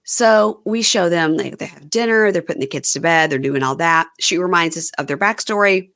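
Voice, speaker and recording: A woman's voice: on the low side, a little fast, fairly bright tone. A woman hosting a podcast, chatting casually and rambling through a recap with frequent laughs. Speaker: podcast host.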